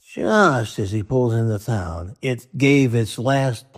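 A man's voice: medium pitch, takes it slowly. Rambling man telling a shaggy-dog joke. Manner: rambling, with restarts and quoted voices. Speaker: joke teller.

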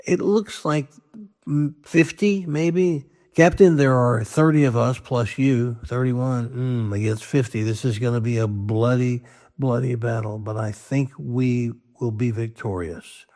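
A man's voice: mid-range voice, unhurried, a little mellow, close to an everyday voice. A man voicing an alarmed first mate on an old sailing ship, earnest and urgent as he reports to his captain, in a told joke.

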